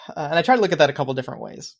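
Man, gravelly voice, casual podcast chat, rambling, lots of filler words, reflective. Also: a little high, sing-song, very fast. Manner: reflective, explains his planning habits at length. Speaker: podcast co-host.

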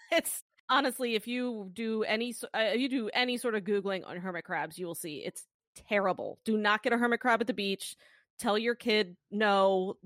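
A woman's voice: medium pitch, moderate pace, a bit bright, no echo, clean studio sound. An American woman co-hosting a podcast, speaking in an emphatic, earnest way in casual chat. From United States. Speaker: podcast co-host.

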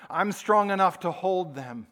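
A man voicing God as a calm, reassuring, fatherly figure, quiet and steady. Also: sits high, unhurried.

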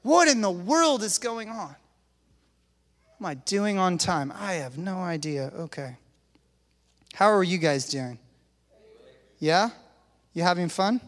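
A man with a high voice preaching a sermon in an unhurried, deliberate way. He drops casual slang into his animated delivery. His voice rings through a big hall with a long reverb tail.

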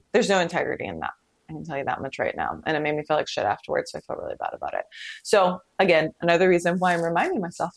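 A young woman hosting a podcast, telling a personal story in a candid, animated way. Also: fairly low pitch, no echo. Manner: candid, animated storytelling with frequent laughs and swearing. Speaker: podcast host. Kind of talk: casual personal monologue.

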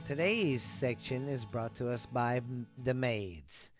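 A man's voice: mid-range voice, takes it slowly, hardly any pauses, soft background music. A man hosting a casual solo podcast, talking in a loose, profane, rambling way and slipping into a mock tough-guy ad voice. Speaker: podcast host.

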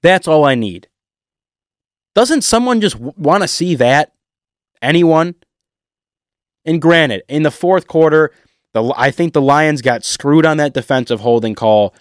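A man delivering a heated, emotional sports rant to his viewers, animated and sarcastic. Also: a little high, unhurried, pauses often, no echo, clean studio sound. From Detroit area. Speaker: sports fan vlogger. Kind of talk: ranting sports commentary.

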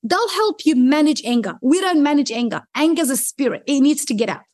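A woman sharing a faith story in an interview, animated and excitable, acting out both sides of each conversation. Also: fairly quick, no echo. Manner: excitable, acts out dialogue with rising pitch. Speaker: guest sharing a faith testimony.

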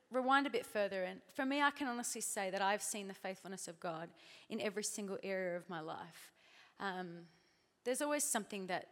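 A woman's voice: mid-range voice, in a large hall. An Australian woman in her thirties giving a chatty, self-deprecating church talk at a conference, full of filler words. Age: 30s. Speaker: conference speaker.

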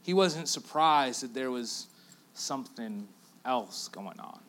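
A male pastor with a Canadian accent preaching a sermon, telling the story with lively, acted-out quotes and dropping to quiet asides for emphasis. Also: mid-range voice, takes it slowly. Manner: animated storytelling, acting out quotes; drops to a near-whisper for emphasis.

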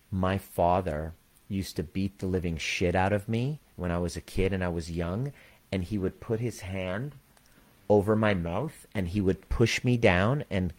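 Deep-voiced guy, ex-chiropractor, telling a story straight up, swears a lot, earnest. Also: a little mellow. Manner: candid, profane, earnest. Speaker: former chiropractor, community leader. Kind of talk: casual storytelling monologue.

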